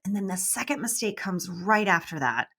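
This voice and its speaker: A middle-aged woman, a business mentor guest, talking in a casual, animated way and acting out quoted voices. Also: medium pitch, moderate pace. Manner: animated, acts out quoted voices, laughs often. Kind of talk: casual interview talk.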